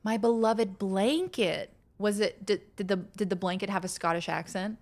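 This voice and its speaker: A woman's voice: medium pitch, fairly even intonation, fairly quick. A young adult woman streaming a game, chatting casually with viewers, thinking aloud, laughing often and swearing now and then. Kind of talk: casual live-stream chat while gaming.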